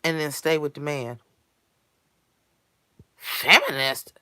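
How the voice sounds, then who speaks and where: A woman delivering a blunt, foul-mouthed comedic rant in streetwise slang that builds to shouting. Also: deep voice, normal speed, vocal fry, no room sound. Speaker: character monologue performer.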